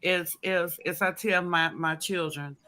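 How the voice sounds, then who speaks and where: Bright-voiced man, folksy and preacherly. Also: fairly high pitch, fairly even intonation, a little slow, slight background noise. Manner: repetitive, preacherly, folksy, with playful Southern put-ons. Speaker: author guest on publishing show. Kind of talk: casual promotional chat.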